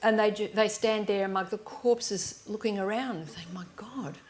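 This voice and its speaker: A woman's voice: medium pitch, moderate pace. A woman, an author on a live panel, telling stories and acting out the voices of people in them. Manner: lively anecdotes, acting out voices with frequent restarts. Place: live event stage.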